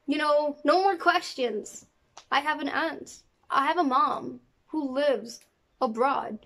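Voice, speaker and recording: A young woman from South Africa talking casually to camera in a sassy, animated way. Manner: sassy and animated, talks with big pitch jumps. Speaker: vlogger. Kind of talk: casual vlog talk to camera.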